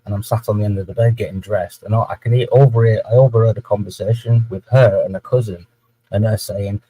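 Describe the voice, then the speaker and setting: A young man in casual chat on a call, telling a personal story with plenty of swearing. His voice sits a little low and comes out husky and a touch breathy. He talks candidly and unguarded. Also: fairly even intonation, quick pace, warm tone, no echo, low-quality recording. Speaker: livestream guest.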